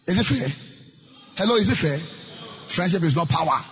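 A man's voice: high-pitched, animated, moderate pace, a bit bright. A male pastor preaching a sermon in a sing-song cadence, repeating lines for emphasis. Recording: long hall reverb with faint hip hop music.

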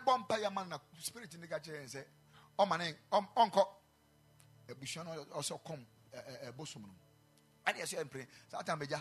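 A man with a Ghanaian accent preaching a sermon in a chapel, mixing English and Twi, building to loud emphatic peaks. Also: on the high side, breathy edge. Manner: switches between English and Twi, rising to shouted emphasis.

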